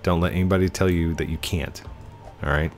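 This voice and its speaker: A man's voice: low-pitched, steady tone, a little fast, soft background music. A young man hosting a gaming channel, chatting casually and rambling to his viewers while he plays. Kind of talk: casual gameplay commentary.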